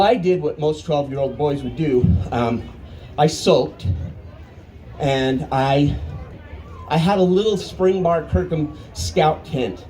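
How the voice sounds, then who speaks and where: A man's voice: on the high side, slight background noise, low-quality recording. Folksy man in his fifties telling stories. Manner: folksy, animated, dramatic pauses. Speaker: storyteller. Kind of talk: live storytelling. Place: arts festival stage.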